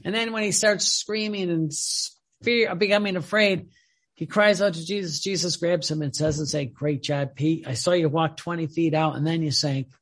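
A man's voice: a little high, steady tone, normal speed, fairly bright tone. A man preaching a sermon in an impassioned way, rising and falling for emphasis and repeating his words.

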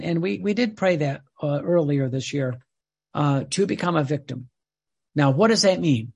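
Gravelly, husky man preaching a fervent sermon. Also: high-pitched. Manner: fervent, repetitive, with halting restarts.

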